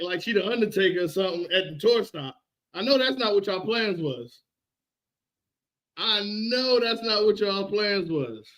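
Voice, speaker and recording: High-voiced man ranting on a livestream. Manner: animated, repetitive, laughs often. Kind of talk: casual livestream rant.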